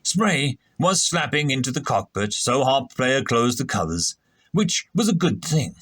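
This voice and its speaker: An animated man narrating a story. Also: medium pitch, unhurried, breathy edge, no echo. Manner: animated, expressive reading.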